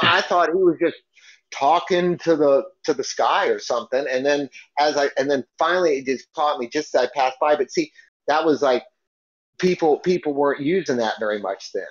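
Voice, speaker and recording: A man co-hosting a casual podcast, rambling with restarts and repeated phrases. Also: medium pitch. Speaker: podcast co-host. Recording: dull lo-fi podcast recording.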